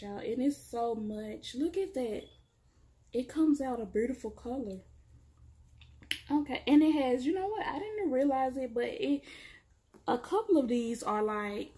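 Excited woman, slightly high voice, slow chatty pace, casual product review. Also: a little hiss or hum. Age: adult, has kids. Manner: excited, chatty, addresses viewers as y'all. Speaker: beauty vlogger.

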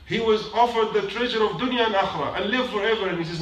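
Talking fast with few pauses, a man with a high, slightly bright voice gives a short, emphatic sermon in a mosque prayer hall, repeating points and questioning the congregation. The distant, echoey recording has slight background noise.

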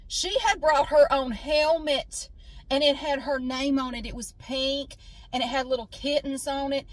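Animated woman in her forties telling a story. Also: high voice, a little slow, rough recording. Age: 40s. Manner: animated, laughing, swearing freely. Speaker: vlogger. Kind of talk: casual storytelling. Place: outdoors at a beach.

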